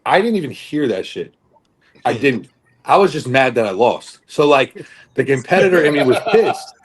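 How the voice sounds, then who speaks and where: A man's voice: medium pitch, lively intonation, normal speed, slightly rough. A young man on a podcast telling a long story in a casual, rambling way, with lots of fillers and swearing. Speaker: podcast co-host, bodybuilder. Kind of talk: casual chat.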